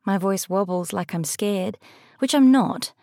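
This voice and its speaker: A young adult woman reading a first-person audiobook in a measured, lightly expressive way. Her voice sits mid-range. The recording is dry and close to the mic. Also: mid-range voice, no room sound. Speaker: audiobook narrator.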